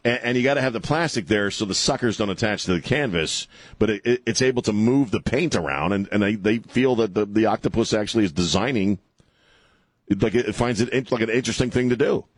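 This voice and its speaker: A man's voice: on the low side, fairly quick, dry recording. A man hosting a radio talk show, rambling and sarcastic, chuckling as he riffs. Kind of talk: casual talk radio banter. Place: radio studio. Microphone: studio microphone.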